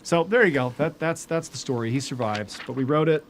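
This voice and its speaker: A man telling stories in casual chat as a podcast host, animated, with lots of filler words. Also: medium pitch, a little fast, slight background noise.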